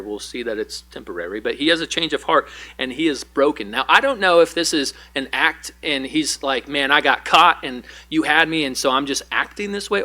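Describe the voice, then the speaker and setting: Bright-voiced man preaching casually. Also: medium pitch. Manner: casual, conversational retelling with paraphrased dialogue. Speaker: pastor. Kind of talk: Bible study sermon.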